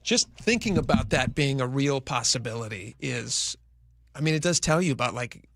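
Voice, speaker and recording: A man's voice: mid-range voice, lively intonation, moderate pace, creaky, fairly bright tone, no echo, clean studio sound. A man co-hosting a radio talk show, chatting casually and rambling through restarted thoughts. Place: radio studio. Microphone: studio microphone.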